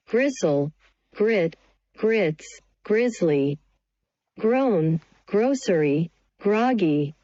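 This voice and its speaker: Slow woman reading word lists. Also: medium pitch, darkish tone, no echo, highs cut off. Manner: reads single words one by one, evenly spaced. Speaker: vocabulary reader.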